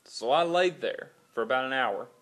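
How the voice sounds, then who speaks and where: A man's voice: mid-range voice, expressive, normal speed, fairly bright tone. A father recounting a sleepless night in a casual video blog, retelling his own quoted lines with animation. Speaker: father and church volunteer. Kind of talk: personal video blog storytelling.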